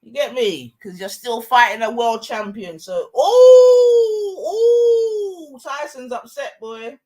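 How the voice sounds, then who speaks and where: A young woman, giving excitable, slang-heavy live commentary on a fight and shouting often. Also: fairly high pitch, normal speed. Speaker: watch-along streamer.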